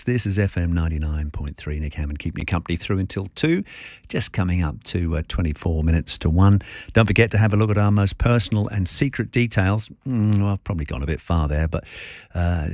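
A man's voice: low-pitched, darkish tone, no room sound. A man presenting a music show on the radio in a chatty, self-amused way, speaking from a studio mic. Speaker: radio host. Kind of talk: laid-back radio presenting.

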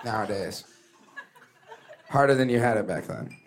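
A man doing a stand-up set with a deadpan, sarcastic delivery. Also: on the low side, moderate pace, background noise. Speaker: stand-up comedian.

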